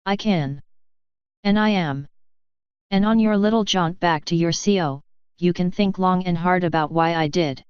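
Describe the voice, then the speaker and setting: A woman's voice: on the low side, a little slow, smooth, no room sound, natural voice. A woman voicing a stern, commanding stallion captain who speaks in a clipped, authoritative way. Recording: dry, slightly muffled.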